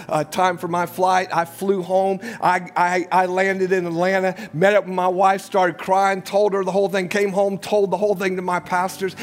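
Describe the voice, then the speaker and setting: A pastor in his sixties preaches a sermon and tells a personal story, swinging widely between loud urgency and hushed lows.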